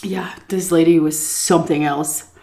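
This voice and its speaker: A woman vlogger in casual storytime chat, animated, laughing often and acting out what people said. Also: low-pitched, unhurried. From United States.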